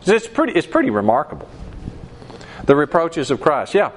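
A man's voice: on the high side, huge pitch swings, normal speed, a little hiss or hum. A man leading a Bible study class in a conversational way, acting out quoted voices and asking the class questions.

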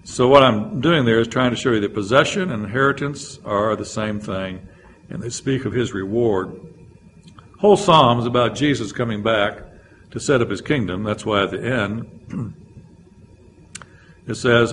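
A man's voice: mid-range voice, lively intonation, a little slow, a bit bright, a little hiss or hum. A man teaching a Bible lecture, explaining verses and reading scripture aloud with frequent "uh" fillers.

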